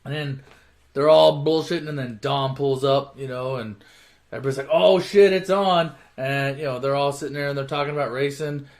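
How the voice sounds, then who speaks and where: A man's voice: mid-range voice, level tone, a little fast. A man casually retelling a movie plot as a comic story, offhand and profane, often correcting himself mid-sentence.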